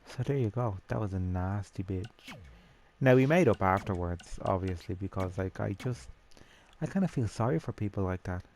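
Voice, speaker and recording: A man's voice: on the low side, lively intonation, normal speed, a little mellow, slight background noise. A young Irish man telling a story in a rambling, chatty way with swearing, over a game. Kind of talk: casual storytelling over gameplay.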